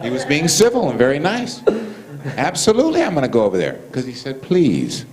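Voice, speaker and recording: Male storyteller, lively pitch, acts out dialogue, laughs through it. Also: brisk, a crowd in the background, poor audio. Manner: animated, acts out both sides of the dialogue, laughs often. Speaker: speaker telling stories. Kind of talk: anecdotal storytelling to an audience.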